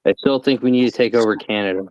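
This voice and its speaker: A man's voice: mid-range voice, rapid-fire, darkish tone, no room sound, low-quality recording. A man in casual stream chat, laid-back and joking.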